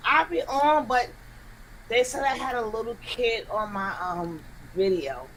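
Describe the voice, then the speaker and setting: A guest content creator in a casual livestream chat, talking emphatically and complaining in quick bursts. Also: mid-range voice, fairly bright tone, slight background noise, low-quality recording.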